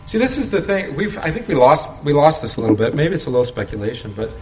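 A man's voice: on the high side, sing-song, fast, a little mellow. A man leading an informal Bible study, talking conversationally, asking rhetorical questions and chuckling often. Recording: roomy echo, faint background noise.

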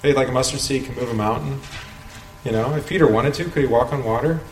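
Man at mid pitch leading a casual Bible study, chuckles often, recorded in a roomy space. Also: fast. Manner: conversational, asks rhetorical questions, chuckles often. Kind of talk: informal Bible study teaching. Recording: roomy echo, faint background noise.

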